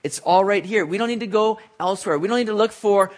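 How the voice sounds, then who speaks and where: A man delivers a sermon in a relaxed, conversational way. His voice sits high for a man, and he drops in little jokes and asides to people in the room as he teaches. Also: fast, few pauses. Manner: conversational, jokes with listeners, writes on a board. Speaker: preacher.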